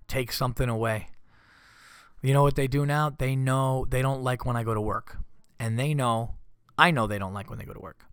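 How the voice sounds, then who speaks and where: A man's voice: medium pitch, sharp tone, smooth, no room sound, studio quality. A father hosting a podcast, telling rambling comedic stories in casual chat and acting out his family's quoted lines. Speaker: podcast host.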